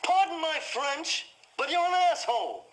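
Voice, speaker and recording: An actor playing a young man who fakes a bossy, gruff father on the phone in a brash, mock-authoritative, swearing manner. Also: very high-pitched, sing-song, moderate pace, fairly bright tone, a little hiss or hum, heavily acted. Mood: mock-stern.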